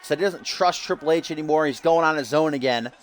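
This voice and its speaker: Streaming a game, a man delivers hyped-up, loose wrestling-show commentary packed with casual asides and frequent "uh"s. His voice is a little high and his pace quick.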